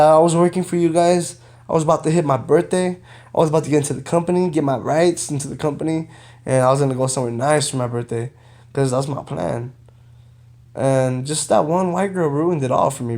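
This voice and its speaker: A young man casually recounting a personal story, animated, quoting others and peppering his talk with "bro" and "you know.". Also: medium pitch. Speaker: vlogger telling a personal story.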